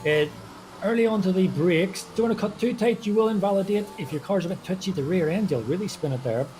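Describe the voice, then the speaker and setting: A man's voice: sits high, fast, a little mellow, slight background noise. A man co-commentating a sim racing event, talking through driving technique with self-deprecating humor.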